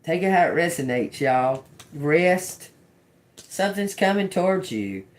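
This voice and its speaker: A woman doing an intuitive tarot reading. She repeats channeled words slowly and quietly, then turns chatty when she explains them to viewers. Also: fairly low pitch, lively intonation. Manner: slow, murmured repetition of channeled words. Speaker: tarot reader.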